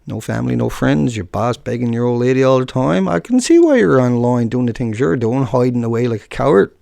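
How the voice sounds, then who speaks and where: A man's voice: mid-range voice, creaky, darkish tone, no room sound, studio quality. A man video-blogging live, combative and scornful toward a commenter, breaking off into joking asides with viewers. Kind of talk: live-streamed rant to viewers.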